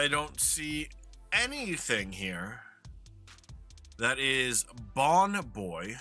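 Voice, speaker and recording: A man's voice: medium pitch, bright, forceful tone. A man from New York with a New York accent, chatting casually and swearing now and then while commenting on a geography game he plays. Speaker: streamer playing a geography game.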